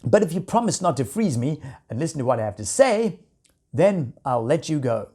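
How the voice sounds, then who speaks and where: A woman's voice: low voice, sing-song, normal speed, mellow, husky, exaggerated voice. A woman voicing a brave, proud old male bear who speaks earnestly in a storybook reading.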